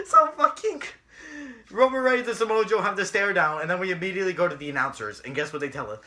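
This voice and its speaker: A man's voice: high voice, expressive, a little fast, sharp tone. A young man co-hosting a casual wrestling review, ranting sarcastically and swearing a lot. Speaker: podcast co-host.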